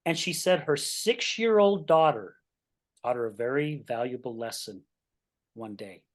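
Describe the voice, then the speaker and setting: A man's voice: medium pitch, a little slow. A man hosting an interview show, telling stories animatedly and checking in with frequent "right?". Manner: animated storyteller, keeps asking "right?". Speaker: podcast host. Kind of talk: interview conversation with storytelling.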